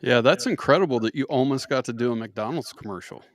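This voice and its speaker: A man's voice: medium pitch, quick pace. A man hosting a casual talk show, asking guests questions. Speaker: host. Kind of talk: casual chat.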